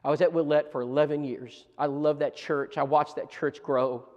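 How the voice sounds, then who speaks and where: Animated preacher man in an echoing hall. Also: a little high, normal speed, lo-fi sound. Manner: animated storytelling with many restarts. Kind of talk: storytelling seminar talk. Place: church auditorium. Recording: long church hall reverb.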